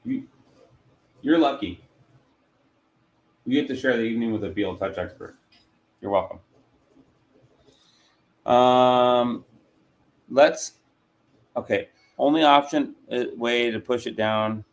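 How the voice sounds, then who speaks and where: A man's voice: medium pitch, takes it slowly, long pauses. A man hosting a casual hands-on product demo, joking and muttering to himself as he works. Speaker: host. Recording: roomy echo.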